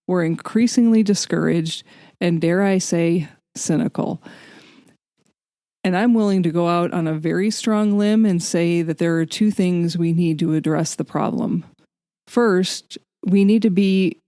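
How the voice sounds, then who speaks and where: A woman's voice: on the low side, dark tone, dry recording, studio quality. A woman co-hosting a faith podcast, talking in an earnest, candid way and laughing easily. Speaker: podcast co-host. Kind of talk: reflective faith podcast chat.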